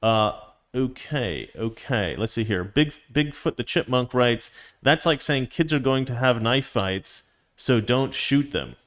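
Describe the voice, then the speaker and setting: A man talks off the cuff on a live stream. He's opinionated and rambling, with lots of restarts and fillers as he reads out viewer comments. His voice sits at an ordinary middle pitch. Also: animated, unhurried, fairly bright tone. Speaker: host.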